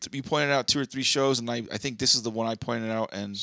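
A man's voice: mid-range voice, fairly even intonation, fast talker, creaky, sharp tone, no room sound, studio quality. A young man co-hosting a podcast, chatting loosely and rambling, with plenty of swearing. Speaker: podcast co-host. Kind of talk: casual chat.

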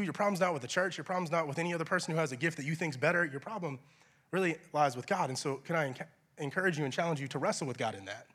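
A male pastor preaching in an earnest, conversational way, with plenty of casual fillers. His voice sits fairly high and sounds bright and forceful. He often drops to a soft, hushed tone when he turns to prayer. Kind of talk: sermon.

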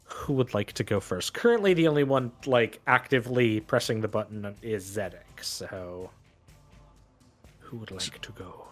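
A man's voice: fairly low pitch, moderate pace, soft background music. A man narrating as game master, rambling with many fillers.

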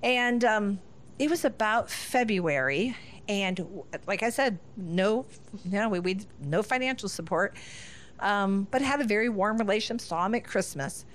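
A woman's voice: mid-range voice, lively intonation, normal speed. A middle-aged woman from Northern Ohio, a guest speaker, telling a family story with laughter and acted-out lines of dialogue. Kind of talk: storytelling talk.

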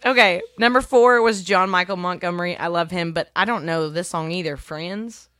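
A woman's voice: on the low side, moderate pace, a bit bright. A woman co-hosting a casual podcast, giggling, teasing and breaking into song as she counts down songs. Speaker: podcast co-host.

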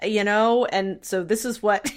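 A woman's voice: medium pitch, fairly even intonation, a little slow. A woman co-hosting a podcast in casual chat, giggly and playful, chiming in often. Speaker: podcast co-host.

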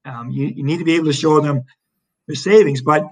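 A man speaks in a conversational interview, his voice sitting a bit higher than most men's. He tells stories with energy, often restarting sentences and leaning on fillers as he goes. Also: a little fast, breathy edge, low-quality recording. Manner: animated storytelling with frequent restarts and fillers. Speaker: interview guest, economic development leader.

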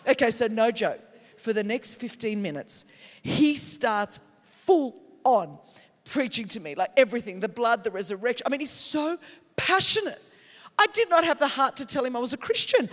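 An Australian woman preaching a sermon, telling stories with passion and breaking into shouts. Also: on the high side, expressive, normal speed. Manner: passionate, storytelling, bursts into shouts. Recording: long hall reverb in a big venue.

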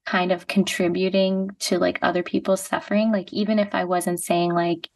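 A woman's voice: lowish voice, little pitch movement, moderate pace. Reflective woman, heard slightly off-mic. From United States. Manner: reflective, heavy use of "like". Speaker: podcast guest. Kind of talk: casual conversation. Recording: voice a bit distant from the mic.

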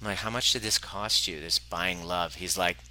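A man's voice: deep voice, steady tone, moderate pace, pushed and bright, a little hiss or hum. A man hosting a podcast, earnestly telling a coaching story and acting out his client's lines. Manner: earnest, acts out client dialogue. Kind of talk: personal storytelling monologue.

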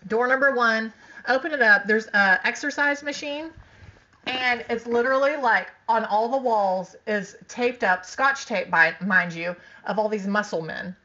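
A woman tells a story on a casual podcast, filling it with "like" and acting out every quote. Her voice is bright and sits a little high. The recording sounds dull and lo-fi. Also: unhurried. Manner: animated, laughing, frequent "like", acts out quotes. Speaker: podcast co-host telling a story.

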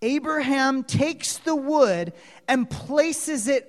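A man preaching a storytelling sermon, dramatic, moving from hushed asides to loud exclamations and asking listeners questions, in a hall with long reverb. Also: high-pitched, expressive, measured pace.

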